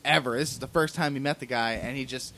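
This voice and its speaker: A man telling an animated story among friends, laughing as he talks. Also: mid-range voice, fast, a little hiss or hum. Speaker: musician guest.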